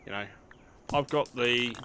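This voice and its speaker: A man's voice: mid-range voice, a little slow, background noise. An older man, chatting casually through a let's play, joking at his own expense. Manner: chatty, self-mocking, dry humour, talks to game characters. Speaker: gaming channel host.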